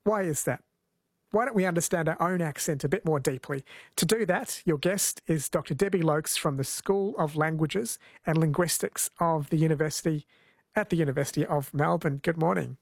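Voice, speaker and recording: A man's voice: a little high, moderate pace, vocal fry, slightly rough, no room sound. A man from New Zealand hosting a radio interview, asking layered, curious questions. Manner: inquisitive, asks layered questions. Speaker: radio host.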